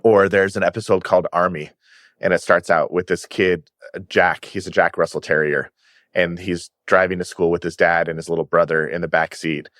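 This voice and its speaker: Low-voiced man, excited storyteller. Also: normal speed, no echo, clean studio sound. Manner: enthusiastic retelling of episodes, often using "like" as filler. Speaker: podcast guest. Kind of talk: casual podcast chat.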